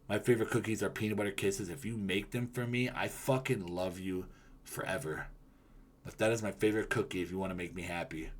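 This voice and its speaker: A man hosting a live stream in loose, profane chat that drifts from topic to topic. His voice sits a little low, and he breaks into loud ranting bursts. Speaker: livestreamer. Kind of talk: casual stream chat, reading comments.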